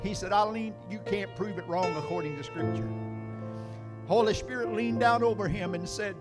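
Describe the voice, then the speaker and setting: A man preaching a sermon, swinging from loud impassioned declarations to hushed, tender speech. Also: high voice, moderate pace. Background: guitar music.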